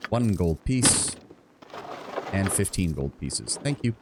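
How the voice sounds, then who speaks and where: A man's voice: sits low, big pitch swings, slow, heavy background noise. A man streaming a game, talking through it in a rambling, profane, self-mocking way. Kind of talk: live game commentary.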